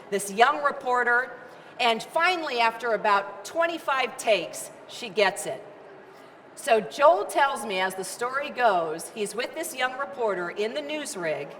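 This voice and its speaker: A middle-aged woman giving an energetic, emphatic motivational speech, repeating phrases for rhythm. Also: fairly high pitch, a little hiss or hum. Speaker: keynote speaker. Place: large event hall. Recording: reverberant hall with faint ambience.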